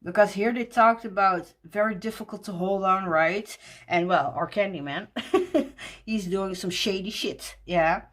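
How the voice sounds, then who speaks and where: A woman walking through a tarot deck in casual talk, gushing and excited, laughing often. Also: medium pitch, a little slow.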